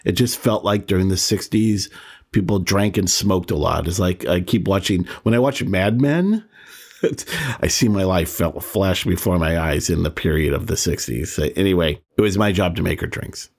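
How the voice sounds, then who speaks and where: A man's voice: low-pitched, normal speed, gravelly, husky. A man in his sixties hosting a podcast, telling a personal story in a candid, self-deprecating way and chuckling as he remembers. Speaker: podcast host.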